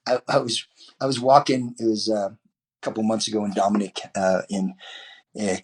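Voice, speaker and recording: A man's voice: on the low side, steady tone, moderate pace, breathy edge. A man, a martial arts teacher, talking as a podcast guest in a loose, rambling way with many restarts and fillers. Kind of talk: podcast interview guest, casual talk.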